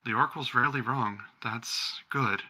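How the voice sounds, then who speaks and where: A man voicing a quiet, worried mother who speaks softly in a tabletop game. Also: mid-range voice, moderate pace. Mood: calm.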